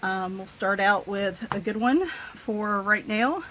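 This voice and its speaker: Southern woman host, unhurried, mid-pitched, chatty and self-deprecating. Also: sharp tone, a little hiss or hum. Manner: rambling, self-deprecating, many fillers. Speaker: coloring book channel host. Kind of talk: casual chat showing books.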